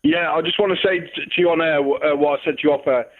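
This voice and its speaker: A man calling in to a radio show, speaking sincerely and haltingly. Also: fairly high pitch, fairly even intonation. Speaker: caller. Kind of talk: heartfelt phone-in message. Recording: tinny phone line.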